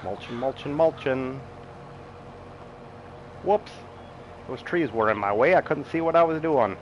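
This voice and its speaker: A middle-aged man streaming a farming game keeps up easygoing commentary, reading chat, laughing often and planning his next task aloud. His voice is a little high with lively intonation, at a normal speed. The sound is lo-fi against a noisy background.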